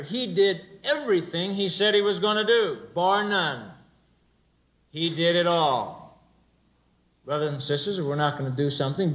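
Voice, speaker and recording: A middle-aged American man giving a motivational church talk, telling a humorous story with lively delivery. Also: a little high, dull audio. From United States. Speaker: church speaker. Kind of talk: motivational sermon.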